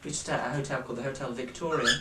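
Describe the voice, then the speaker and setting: An English man in casual chat at home, teasing his friend with quick puns and banter, recorded on a 1990s camcorder. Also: mid-range voice, fairly even intonation. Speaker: home video host. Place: room at home. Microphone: camcorder mic from across the room. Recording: roomy distant 1990s camcorder audio, faint hiss.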